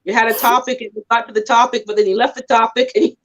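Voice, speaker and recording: A woman's voice: a little high, steady tone, rapid-fire. A woman chatting casually on a livestream, greeting viewers as she talks. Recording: dull lo-fi stream audio.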